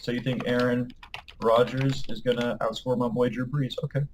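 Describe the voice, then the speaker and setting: Guy cohosting a podcast, cussing and talking trash, trips on his words sometimes, average pitch. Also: level tone, normal speed, crowd noise, poor audio. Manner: brash, profane trash talk; stumbles over words. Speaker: podcast co-host. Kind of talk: casual sports banter.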